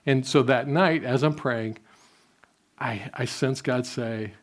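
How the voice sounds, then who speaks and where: A man's voice: medium pitch, slow. Older man preaching a story-driven sermon. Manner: conversational storytelling, drops softly when quoting prayers. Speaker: pastor.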